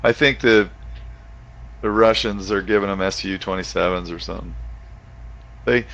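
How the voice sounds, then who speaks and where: A man chatting on a podcast in a blunt, offhand way. His voice is very low. The audio comes through dull and lo-fi. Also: steady tone, normal speed, creaky, fairly bright tone. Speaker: podcast guest. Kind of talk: casual chat.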